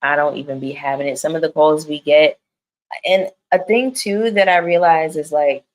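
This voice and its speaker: A woman's voice: low voice, fairly even intonation, moderate pace, rough recording. A woman reviewing reality TV on a live stream, talking straight to her viewers in a candid, slangy and profane way. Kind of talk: casual live-stream chat.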